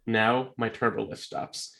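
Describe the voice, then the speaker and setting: A man at a mid-range pitch plays his character in a tabletop role-playing game. He sounds playful and laughs easily, switching between casual table chat and the commander's orders. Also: flat delivery, unhurried, vocal fry, sharp tone. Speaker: player.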